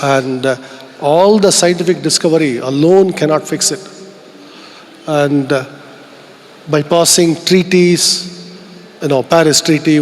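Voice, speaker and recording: A man's voice: a little high, a little hiss or hum. Indian man giving a reflective keynote. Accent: Indian English. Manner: earnest, reflective, asks rhetorical questions. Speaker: keynote speaker. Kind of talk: conference keynote speech. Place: large conference hall. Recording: long hall reverb.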